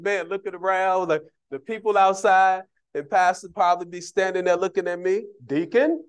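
A deacon preaches to his church in a loose, joking, conversational way. He often turns to the congregation with asides. His voice sits a little higher than most men's. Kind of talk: sermon.

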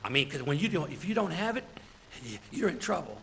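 A deacon preaching a sermon in a church, lively, chuckling between his points and calling out praise. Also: fairly high pitch, fairly quick, creaky, a little hiss or hum, poor audio.

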